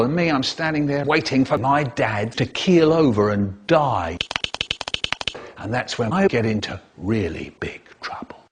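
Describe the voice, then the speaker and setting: Husky older man telling a lively story. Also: a little high, measured pace. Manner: sing-song, sound-effect words, lively. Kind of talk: animated comic storytelling.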